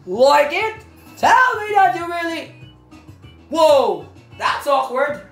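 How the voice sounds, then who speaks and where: A woman commentating her racing game play, excitable, swearing and yelping. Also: high voice, slow. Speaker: gaming channel host. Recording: roomy, distant from mic. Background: game music.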